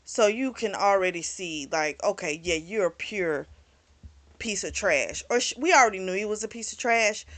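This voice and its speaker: Female book vlogger, casual plot recap, informal slang, expressive asides, mid-pitched. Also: normal speed, few pauses. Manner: chatty and expressive, quoting characters with outrage; informal slang, frequent "like" and "you know". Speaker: book reviewer.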